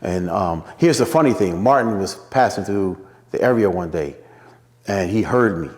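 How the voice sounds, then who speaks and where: Animated storytelling man from Philadelphia. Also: sits low, moderate pace, big-room sound. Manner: animated storyteller acting out quotes in a raised voice. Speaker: radio personality guest. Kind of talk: casual interview storytelling.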